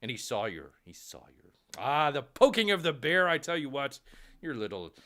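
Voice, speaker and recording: A man hosting a casual comics livestream, rambling and excitable, with lots of fillers. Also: medium pitch, normal speed. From Tampa Bay area. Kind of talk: casual live-stream chat.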